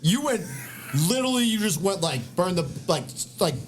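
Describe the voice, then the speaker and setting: A podcast host rants in casual, profane chat. His voice sits high and swoops widely. Faint noise hangs behind him. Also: normal speed. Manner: animated, profane, rambling ranting.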